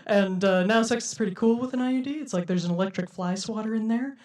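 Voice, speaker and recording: Young woman stand-up from Denver, lilting and quirky, mid-pitched voice. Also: fast, a little mellow. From Denver, USA. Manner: lilting, quirky, self-described silly way of talking. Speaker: stand-up comedian. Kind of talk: stand-up routine. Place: comedy stage before a live audience.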